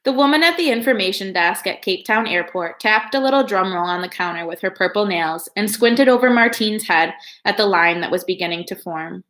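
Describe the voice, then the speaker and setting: A woman reading a children's novel aloud, in a calm and steady storytelling manner. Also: mid-range voice, brisk, hardly any pauses. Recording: echoey room.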